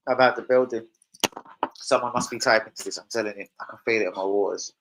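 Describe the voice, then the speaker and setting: A man's voice: on the low side, fairly even intonation, fast talker, fairly bright tone, rough recording. A man hosting a casual fan live stream, crude and rowdy, joking with his chat. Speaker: fan channel host. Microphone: streaming setup.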